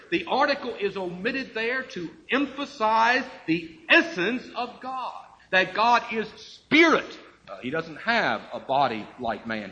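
Man preaching, emphatic, bright tense voice, dull lo-fi recording. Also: high voice. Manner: emphatic, slows down to stress key phrases; asks rhetorical questions and answers them. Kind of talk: expository Bible teaching.

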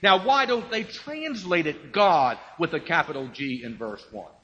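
Animated high-voiced man preaching a sermon. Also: highs cut off, slight background noise. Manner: emphatic, slows down to stress key phrases; asks rhetorical questions and answers them. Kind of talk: expository Bible teaching.

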